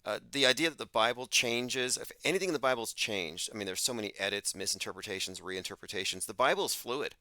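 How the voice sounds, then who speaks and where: A man's voice: medium pitch, fast talker, hardly any pauses, pushed and bright, no room sound. Blunt, lecturing man hosting a call-in show. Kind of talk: live call-in show monologue.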